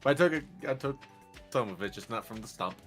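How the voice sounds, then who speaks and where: Man streamer, bright sharp tone, lively swings in pitch, playful casual gaming banter. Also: a little fast, faint music behind. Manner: playful, laughs often, mock-offended teasing. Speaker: streamer playing a farming game.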